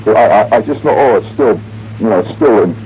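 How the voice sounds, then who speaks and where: Speaking briskly in a lowish, dark, expressive voice, a Midwestern American man in his forties hosts a late-night radio monologue, telling a long, wry, rambling story while humming tunes and mimicking sounds. He's on a studio radio mic, and the audio resembles a dull, muffled 1970s broadcast with faint hiss.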